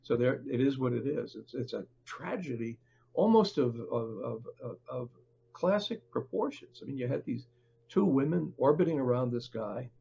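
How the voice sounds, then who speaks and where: An older man, a book author, speaking as a podcast guest in a halting, conversational way with many fillers and restarts. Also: mid-range voice, expressive, vocal fry, dark tone, slightly rough, muffled recording. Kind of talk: conversational interview.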